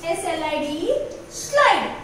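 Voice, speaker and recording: A woman with an Indian English accent teaching a recorded English lesson to young children, slowly and repetitively, coaxing them with "okay, na?". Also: very high-pitched, lively intonation. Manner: slow, repetitive, coaxing, ends lines with a questioning "okay, na?". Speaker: play school teacher. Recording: echoey, distant, slightly noisy room.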